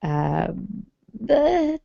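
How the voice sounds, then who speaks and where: A woman's voice: high-pitched, big pitch swings, extremely slow, gravelly, mellow, no echo, dull audio. A woman hosting a science podcast, chatty and jokey, reading news stories with playful asides. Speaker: podcast host. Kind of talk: casual science podcast chat.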